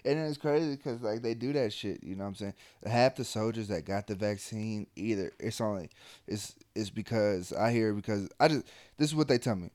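A man's voice: lowish voice, normal speed, darkish tone, no echo. Laid-back soldier man, dry sound. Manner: loose, profane, trailing off into mumbles. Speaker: army soldier. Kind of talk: casual chat.

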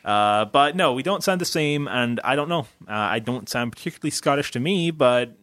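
A man's voice: medium pitch, animated, a little fast, a bit bright. A man with a Canadian accent, co-hosting a casual podcast and reading listener questions aloud. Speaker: podcast co-host.

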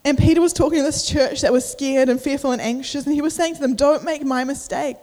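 A woman's voice: high-pitched, fairly even intonation, fast, mellow, big-room sound. A young adult woman giving a sermon. She tells a personal story casually and with feeling, with many fillers. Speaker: preacher.

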